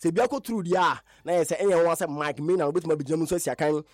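A man with a Ghanaian accent delivers a radio sports roundup in a high voice with a bright top. He is animated, emphatic, and very fast, driving points home through repetition. The recording is dry and close, with no room sound around it.

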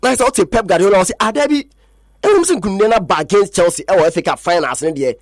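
A man with a Ghanaian accent presenting sports news in an excited way, acting out quotes from players and coaches. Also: high-pitched, racing, no echo, clean studio sound. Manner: excitable, mixes languages, acts out quotes. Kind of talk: animated sports talk.

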